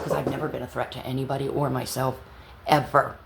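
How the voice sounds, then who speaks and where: A woman telling an angry personal story in a blunt, profane vlog monologue that sometimes drops to a low whisper. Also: flat delivery, fairly quick, creaky. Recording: echoey room with faint background hum.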